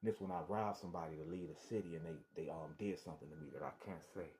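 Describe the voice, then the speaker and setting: Low-voiced man telling a story. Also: rapid-fire, slight background noise. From Detroit. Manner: animated, acts out voices, restarts and repeats words. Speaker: storyteller sharing his testimony. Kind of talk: casual personal storytelling.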